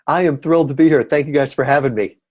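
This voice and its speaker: A man's voice: a little high, quick pace, darkish tone, no echo. Earnest man guest, dry sound. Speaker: podcast guest. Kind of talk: casual interview chat.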